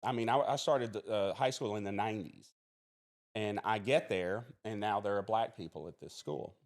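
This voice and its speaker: Man from mississippi, forties, low voice, earnest, plainspoken, restarts sentences. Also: normal speed. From Mississippi, USA. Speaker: podcast guest, criminology professor and police officer. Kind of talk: interview storytelling.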